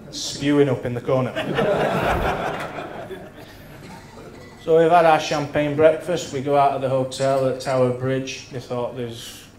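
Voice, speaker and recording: Guy in his 30s doing an after-dinner speech, crude stories n swearing, roomy hall, faint crowd hum behind. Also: medium pitch. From England. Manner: bawdy, swearing storyteller acting out characters. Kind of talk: after-dinner anecdote telling. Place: function room at a dinner.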